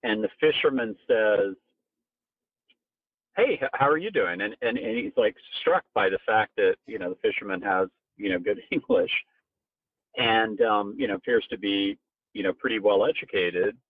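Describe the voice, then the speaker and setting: A man's voice: moderate pace, dry recording. Man telling stories over a tinny line. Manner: animated storyteller, swinging pitch up sharply for emphasis. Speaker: interview guest, company co-founder and CEO. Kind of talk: personal storytelling in an interview. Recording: tinny phone-like sound, very dry.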